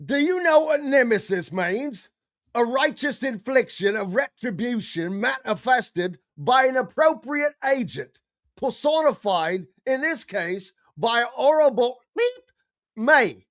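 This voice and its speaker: A man putting on the voice of a menacing British gangster boss, reciting slowly and theatrically. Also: extremely high pitch, lively intonation, a bit bright, voice pushed up, heavily acted.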